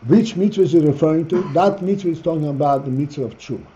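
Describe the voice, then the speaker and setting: A man teaching a Torah class as rabbi, reading phrases slowly and explaining them. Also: a little high, dark tone. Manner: reads Hebrew phrases slowly, then explains in English. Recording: dull lo-fi class recording.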